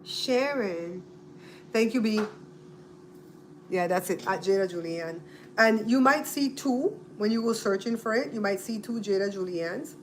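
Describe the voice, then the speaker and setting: A woman's voice: medium pitch, a little slow, a little hiss or hum. A woman with a Belizean accent, hosting a casual livestream, chatting with viewers and repeating and spelling out names. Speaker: livestream host. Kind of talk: casual live-stream chat with viewers.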